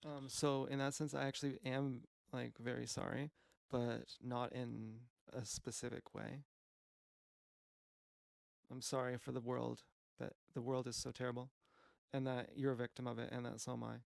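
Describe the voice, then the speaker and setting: Man rambling in a gravelly voice. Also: mid-range voice, little pitch movement, moderate pace, no room sound, clean studio sound. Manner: meandering, profane, self-questioning. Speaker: streamer. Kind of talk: rambling monologue.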